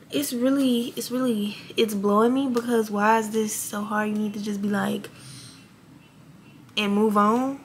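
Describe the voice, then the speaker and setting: A woman's voice: a little high, slight background noise. A young woman talking candidly to her viewers in a casual, slangy vlog chat. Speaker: vlogger.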